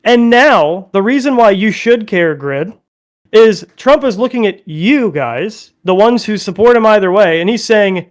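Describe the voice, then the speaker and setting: A man's voice: high voice, animated, a little slow. A man on a political panel, speaking bluntly and heatedly with frequent profanity.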